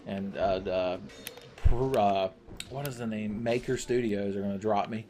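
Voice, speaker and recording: A man's voice: lowish voice, steady tone, a little slow, a little mellow, faint music behind. A man commentating his video game play with crude, sarcastic jokes. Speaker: gaming channel host.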